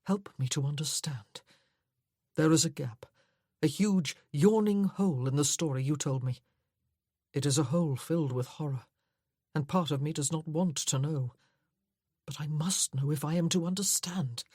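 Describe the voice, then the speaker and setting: A woman reading the part of an earnest, battle-scarred young earl, pleading and insistent in a gentle way. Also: sits low, moderate pace, pauses often, husky, dry recording, studio quality.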